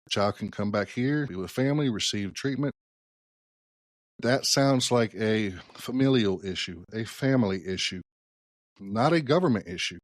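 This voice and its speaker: Low-voiced man hosting a solo podcast. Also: lively intonation, moderate pace, no room sound, studio quality. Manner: conversational, thinks aloud with hedges and restarts. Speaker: podcast host. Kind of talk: solo political podcast commentary.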